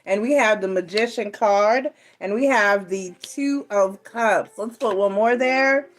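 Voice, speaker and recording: A woman's voice: mid-range voice, a little slow. A woman from New York with a Southern American accent, doing a casual tarot reading at home, chatty and often laughing. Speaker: tarot reader.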